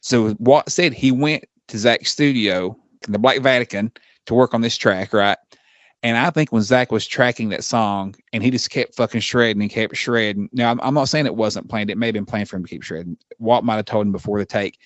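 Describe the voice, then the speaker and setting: A man's voice: lowish voice, fairly quick, no room sound, muffled recording. A man co-hosting a podcast in casual chat, swearing freely and telling stories with animation. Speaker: podcast co-host.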